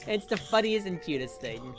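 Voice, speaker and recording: Brief: streamer, animated and teasing, swoopy delivery. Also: medium pitch, brisk, faint music behind. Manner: lively, chatty, teasing, giggly. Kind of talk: casual chat while gaming. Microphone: home mic over voice chat.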